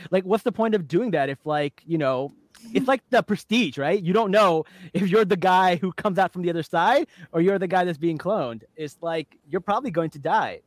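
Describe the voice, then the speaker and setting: Man, podcast host, excited casual chat, higher voice, dry close sound. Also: dry recording. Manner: excited, quick asides and laughs.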